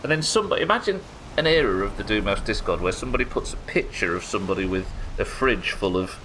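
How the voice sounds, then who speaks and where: Lowish-voiced man streaming a game. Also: expressive, fast talker, fairly bright tone, slight background noise, low-quality recording. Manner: crude, joking, laughs often. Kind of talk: casual live-stream chat.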